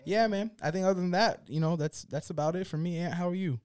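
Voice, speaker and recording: A man's voice: sits high, quick pace, darkish tone, smooth, no echo, clean studio sound. A man co-hosting a podcast in casual chat, laid-back and slangy, often calling his friends "man". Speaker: podcast co-host.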